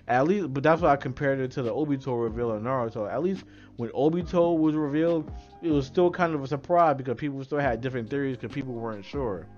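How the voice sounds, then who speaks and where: A man's voice: mid-range voice, fast talker, a little mellow, lo-fi sound, faint music behind. A man co-hosting a casual podcast about anime, laughing often and acting out the characters he quotes. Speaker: podcast co-host.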